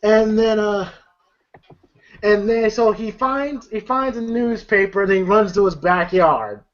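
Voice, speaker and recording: A film reviewer giving a casual, animated recap of a movie scene, chuckling and using lots of filler phrases. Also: mid-range voice, measured pace. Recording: dull lo-fi audio.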